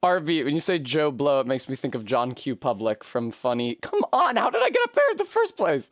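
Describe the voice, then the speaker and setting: A woman's voice: huge pitch swings, brisk, no echo, clean studio sound. Profane rambling woman game streamer. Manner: profane, rambling, bursts into high yelps and shrieks when failing. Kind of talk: casual live-stream commentary while gaming.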